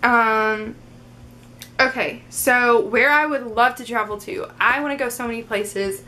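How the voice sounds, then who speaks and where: A woman's voice: fairly high pitch, a little slow, bright, forceful tone. A young adult woman chatting casually in a get-to-know-me Q&A video, upbeat and full of fillers like "um" and "like". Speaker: vlogger.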